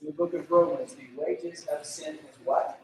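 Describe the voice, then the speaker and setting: High-voiced man preaching in an echoey room. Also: fairly even intonation, moderate pace, recorded from a distance. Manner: conversational, lots of "like", acts out prayers in voices. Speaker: youth pastor. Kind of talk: casual youth sermon with questions to the room.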